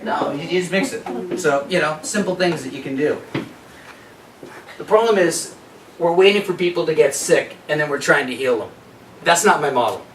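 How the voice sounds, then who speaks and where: Guy running a health workshop, bit high voice, roomy echo, mic kinda far off. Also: moderate pace, a little hiss or hum. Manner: lively, asks audience questions. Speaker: workshop presenter. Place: workshop room. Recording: echoey room, distant mic.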